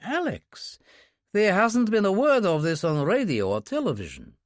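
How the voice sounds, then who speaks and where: A man's voice: high voice, huge pitch swings, normal speed, no echo, clean studio sound, pitched above the performer's own voice. A man voicing an anxious middle-aged male Russian handler who presses with agitated questions. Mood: worried.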